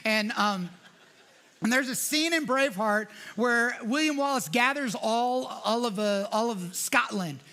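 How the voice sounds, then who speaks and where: A man with a high, bright voice preaches a sermon as a guest pastor. He tells the story in a casual, conversational way and slips into voices for the quotes. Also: a little slow.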